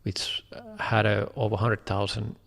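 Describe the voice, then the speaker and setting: A man with a deep, heavily gravelly voice talks in a slow, measured way, pausing on fillers. His delivery stays flat and even. The recording has a long, reverberant tail. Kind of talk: casual chat.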